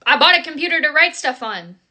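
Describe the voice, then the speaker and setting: Bright, sharp-voiced woman ranting sarcastically. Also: sits high, sing-song, quick pace. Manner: sarcastic, exasperated. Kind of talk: ranting vlog.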